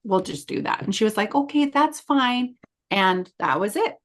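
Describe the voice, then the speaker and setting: A woman's voice: medium pitch, fairly quick, fairly bright tone. A middle-aged woman co-hosting a podcast, telling a story in casual chat and acting out the quoted lines of others. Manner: chatty, acts out quoted dialogue. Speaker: podcast co-host.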